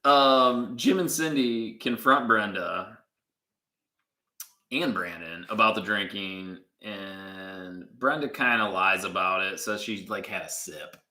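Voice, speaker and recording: A man co-hosting a podcast, casually recapping an episode from his notes in a rambling, animated way. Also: fairly low pitch, takes it slowly, echoey room, rough recording. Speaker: podcast co-host.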